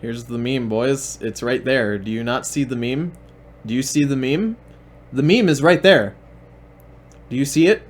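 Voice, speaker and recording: A stream host and commentator with a medium-pitched voice speaks a little slowly, mocking the videos he plays. His delivery is sarcastic and deadpan, and he repeats himself.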